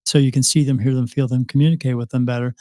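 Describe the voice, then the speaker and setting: A man's voice: medium pitch, fairly even intonation, quick pace, mellow, no room sound, studio quality. A man, a psychic medium, telling a long story as a podcast guest, rambling with restarts and acted-out dialogue. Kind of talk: casual interview storytelling.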